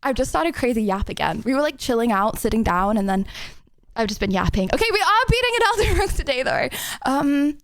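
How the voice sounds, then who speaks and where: A woman's voice: fairly high pitch, sing-song, no echo, studio quality. A young woman streaming live, chatting in a rambling, giggly way. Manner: giggly, rambling, talks fast. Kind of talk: casual live-stream chat.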